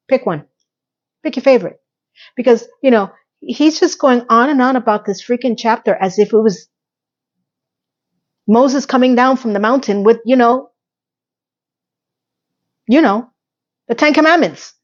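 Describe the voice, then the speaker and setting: A woman's voice: on the high side, expressive, moderate pace, long pauses. A woman vlogger recapping a TV episode in casual chat, sarcastic and chatty, with the odd curse word. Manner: sarcastic, chatty, occasional cursing. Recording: slightly muffled lo-fi audio.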